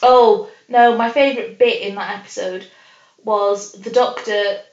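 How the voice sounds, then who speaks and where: A woman's voice: medium pitch, fairly even intonation, a little slow, echoey room, muffled recording. A woman co-hosting a casual chat, enthusiastic and often laughing. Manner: giggly, enthusiastic. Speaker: podcast co-host.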